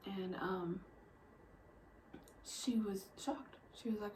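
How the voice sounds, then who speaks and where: A young woman telling personal stories in a vlog, soft-spoken and halting, often dropping to near a whisper, emotional. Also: mid-range voice, steady tone, a little hiss or hum, low-quality recording. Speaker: vlogger.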